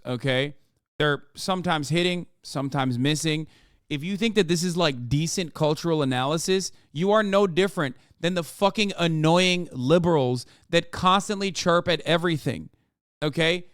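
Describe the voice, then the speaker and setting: A man with a smooth, resonant voice and a slightly high pitch, talking on a livestream. He reacts to clips in a profane, exasperated rant. The sound is dry and close to the mic. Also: a bit bright, dry recording. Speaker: streamer reacting to videos. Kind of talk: casual livestream reaction commentary.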